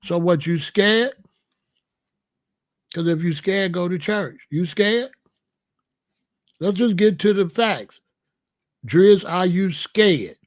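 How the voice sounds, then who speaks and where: High-voiced guy, aave, preachy and in your face, dry close sound. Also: lively intonation, slow pace, pauses often, no echo. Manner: confrontational, repeats questions, preachy. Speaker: host answering a viewer. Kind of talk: live-stream commentary.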